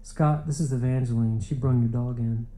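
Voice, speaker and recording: A man's voice: mid-range voice, fairly even intonation, moderate pace, warm tone, lightly acted, rough recording. A male audiobook narrator voicing an anxious rural husband who talks in plain, homespun phrases. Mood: explaining.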